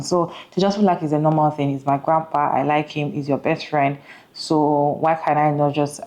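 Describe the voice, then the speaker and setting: A woman's voice: low-pitched, darkish tone, rough recording. A woman hosting a reaction video, giving earnest commentary and putting questions to her viewers. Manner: earnest, talks to viewers with questions, restarts mid-sentence. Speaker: host reacting to a clip.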